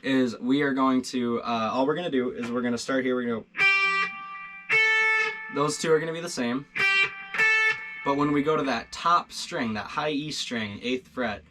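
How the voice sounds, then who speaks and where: A man teaching beginner guitar licks in a casual video lesson, relaxed and encouraging, with plenty of fillers and restarts. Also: mid-range voice, normal speed, pauses often.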